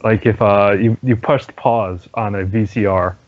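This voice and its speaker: A man's voice: on the low side, fairly even intonation, measured pace. A man narrating a tabletop game as game master, wry and descriptive, often laughing. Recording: dull lo-fi sound.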